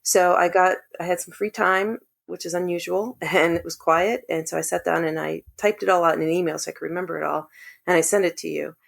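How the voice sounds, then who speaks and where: A woman's voice: fairly low pitch, fairly quick, creaky. A woman guest earnestly telling a personal family story in casual conversation. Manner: earnest, animated when quoting others. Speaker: podcast guest.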